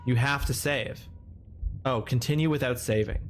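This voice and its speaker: A young man streaming a game live, reacting with excitable shrieks, swearing and silly asides as he plays. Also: medium pitch, moderate pace, a little hiss or hum. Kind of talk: live gameplay commentary.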